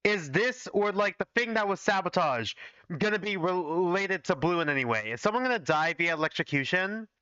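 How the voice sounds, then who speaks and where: Man with a lively, bright voice. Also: high-pitched, fairly quick, clean tone, no echo, dull audio. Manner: chatty asides, self-corrections. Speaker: streamer reading a fan game. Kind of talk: casual reaction commentary while reading.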